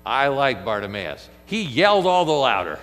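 A man preaching a sermon, animated, firing off rhetorical questions and acting out quoted speech. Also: medium pitch, normal speed, soft background music. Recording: long hall reverb with mains hum.

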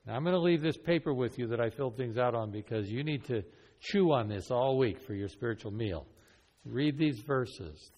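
A man's voice: mid-range voice, a little mellow. A man leading a church evangelism training class, asking the group question after question in an earnest, conversational way. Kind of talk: classroom teaching with role-play. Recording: long hall reverb.

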